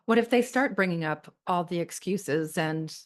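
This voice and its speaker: A woman's voice: fairly low pitch, normal speed. Woman host asking follow-ups. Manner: brief affirmations and follow-up questions. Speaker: podcast host. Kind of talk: interview host.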